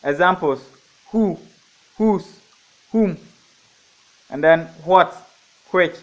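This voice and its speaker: Slow-paced male grammar teacher, lo-fi. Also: high voice. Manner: slow, repeats each example, asks and answers own questions. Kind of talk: grammar lesson. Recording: dull lo-fi recording.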